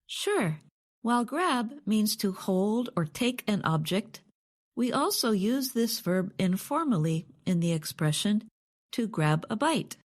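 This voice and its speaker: A woman co-hosting an English lesson, explaining words in a clear, measured way. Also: medium pitch, very animated.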